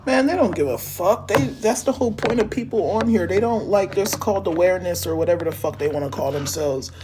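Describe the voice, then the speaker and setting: A man's voice: high voice, a little fast, background noise. Man ranting angrily into his phone. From Harrisburg, Pennsylvania. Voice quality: profane, heated ranting. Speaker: TikTok live streamer. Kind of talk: angry live-stream rant.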